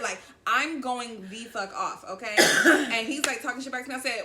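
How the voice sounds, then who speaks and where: A woman from Southern California telling a story in a casual chat, animated and profane, acting out what people said. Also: sits high, brisk, hardly any pauses, reverberant. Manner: animated, profane, acts out quoted lines.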